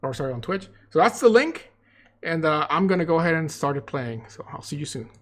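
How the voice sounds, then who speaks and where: A man's voice: fairly high pitch, sing-song, a little fast, fairly bright tone. A young man giving a casual livestreamed lecture on machine learning, explaining loosely with frequent repeats and restarts.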